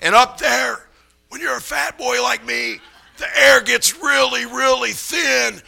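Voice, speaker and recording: A middle-aged man preaching, telling a story with lively acted-out voices of the people in it. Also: very high-pitched, unhurried, gravelly, shouting, faint music behind. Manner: animated, acts out voices of others in the story. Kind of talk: sermon storytelling.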